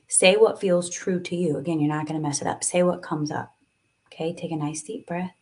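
A woman's voice: lowish voice, brisk, a little mellow, breathy edge. A woman guiding a live tapping and breathing session, speaking soothingly and coaxingly, with sighs and moments of emotion.

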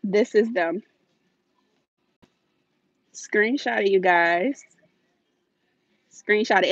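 An American woman shopping vlogger chats casually and a little scattered, laughing often, while streaming live on her phone as she walks around a large store. Her voice is medium-pitched, and the dull, dry phone audio has no echo.

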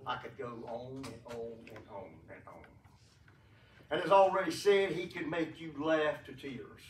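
Expressive and measured, a mid-range male voice rambles through folksy stories at a funeral in a church sanctuary, chuckling often and using many fillers. The recording comes from a distant mic in an echoey room.

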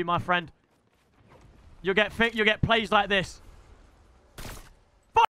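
A young man streams his game live, excitable and quick to swear at other players. His voice sits high and bright, with sharp, tense edges to it. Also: smooth.

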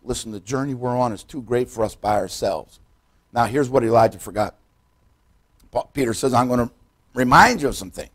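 An older man preaching a sermon in a church, retelling Bible stories dramatically in folksy, direct words, swinging between loud and hushed. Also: medium pitch, fairly quick, long pauses. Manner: folksy, addresses congregation directly. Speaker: pastor. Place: church sanctuary.

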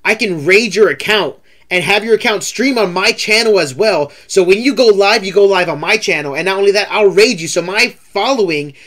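A man's voice: sits high, normal speed, a bit bright. A man hosting a casual livestream interview, talkative and rambling, repeating himself often. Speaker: streamer host.

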